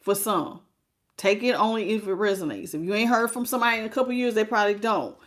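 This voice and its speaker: A woman hosting a live tarot reading. She talks frankly and folksily, greets viewers by name and calls them baby. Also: medium pitch. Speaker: tarot reader.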